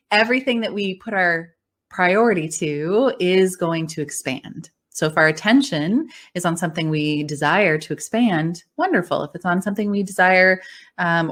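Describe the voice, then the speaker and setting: A woman who is a voice coach and speech-language pathologist explains things in a conversational interview, sounding encouraging and upbeat and laughing often. Her voice is medium-pitched and fairly bright.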